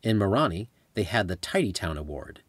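A man's voice: deep voice, big pitch swings, brisk, breathy edge, no echo. A man narrating his own travel memoir as an audiobook, in a conversational storytelling manner. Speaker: author and narrator.

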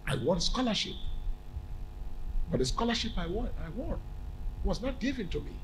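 A man's voice: high-pitched, big pitch swings, moderate pace, slight background noise, low-quality recording. A man preaching as a prophet, pressing each point through repeated phrases, now and then stalling on a word before pushing on. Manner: emphatic repetition with stammered restarts. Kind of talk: sermon.

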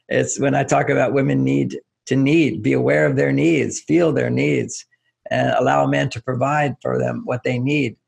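Older guy with a really gravelly husky voice, explains stuff with examples. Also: mid-range voice. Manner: explains with examples, acts out quotes in a raised voice. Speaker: relationship author, guest. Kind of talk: casual interview talk.

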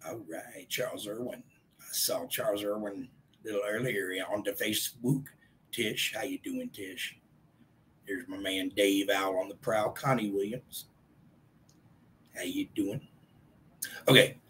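A man with a lowish voice hosts a casual live stream, rambling along and greeting viewers by name. His voice sounds a little congested and hoarse. He talks into a streaming mic at his desk. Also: fairly even intonation, measured pace, long pauses, a bit bright, a little hiss or hum, poor audio.

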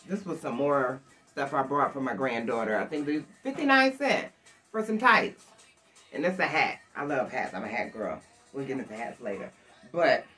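Older woman from Buffalo, talks to the viewers like family, lively pitch, home camera vlog. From Buffalo, New York. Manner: chatty, animated, addresses viewers directly. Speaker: thrift haul vlogger. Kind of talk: casual chat to camera. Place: at home, alone.

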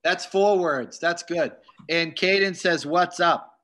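Bright-voiced joking male host. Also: a little high, slow pace. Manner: joking, reads out viewer greetings. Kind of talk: casual chat on a video call. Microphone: video call.

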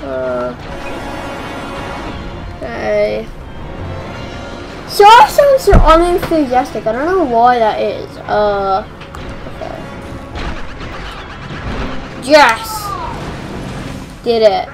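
A young woman casually commenting on her gameplay in an excitable, chatty way. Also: a little high, takes it slowly, creaky, long pauses, rough recording. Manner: excitable, chatty, exclaiming at the action. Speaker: let's play gamer. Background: game music.

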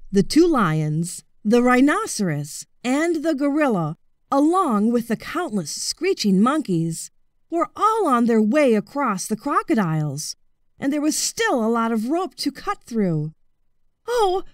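A woman reads a children's storybook in a high, lively voice, slow and deliberate. The sound is dry and close to the mic, with no room around it. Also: no echo. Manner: expressive, deliberate read-aloud. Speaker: audiobook reader.

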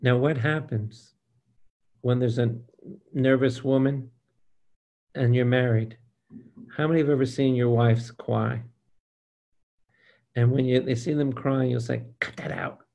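An older male priest preaching a Bible study with a gravelly, creaky voice. He speaks slowly and with emphasis, putting questions straight to the room and calling for amens. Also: mid-range voice, steady tone, mellow. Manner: slow, emphatic preaching that speaks to the listeners directly and asks them for amens. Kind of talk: preaching to a live group.

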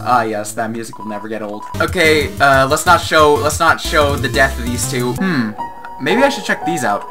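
A man commenting on a video game as he plays, halting and reactive, with lots of fillers. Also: medium pitch, expressive. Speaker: gamer. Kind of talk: let's play commentary. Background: game music.

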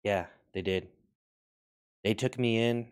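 A man delivering an absurd comedy monologue in a slow, earnest, sing-song way, with sudden jumps in pitch. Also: smooth. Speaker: comedy video creator.

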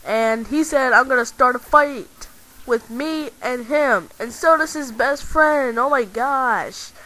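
A woman's voice: high voice, takes it slowly, sharp tone, exaggerated voice, low-quality recording. Woman voicing a hot-tempered male action figure. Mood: angry, ranting. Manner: rambling, repeats "seriously". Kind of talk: home-made toy figure video.

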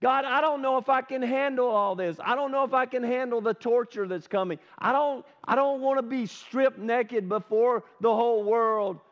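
A man's voice: very high voice, moderate pace, hardly any pauses, pitched above the performer's own voice. A man preaching who voices an anguished grown man pleading in prayer, overwhelmed and strained. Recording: dull lo-fi sermon recording.

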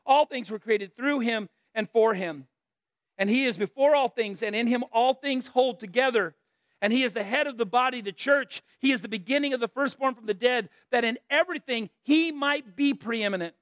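This is a relaxed, chatty sermon from a middle-aged man whose voice runs fairly high, spoken at a moderate pace. Earnest in tone, he breaks things up with playful jokes and self-deprecating anecdotes. There's no room reverb; the sound is close and dry.

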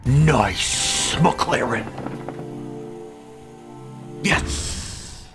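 An excitable man calls out his gameplay in a casual, lively voice that jumps all over its pitch range. He swears freely and drops to muttered whispers between loud whoops. Loud game music plays behind him. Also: slow pace, long pauses. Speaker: gaming channel host.

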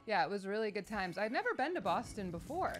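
Lively chatty woman with a Chicago accent. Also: mid-range voice, fast, soft background music. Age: 30s. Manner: chatty, excitable, breaks off to cheer at the game. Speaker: gaming channel host. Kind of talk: casual chat while playing a video game.

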